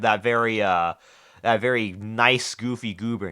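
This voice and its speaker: A man's voice: lowish voice, steady tone, unhurried, pushed and bright, smooth. A man live-streaming, chatting casually with viewers, joking, swearing and often restarting his sentences. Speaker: livestreamer reading chat.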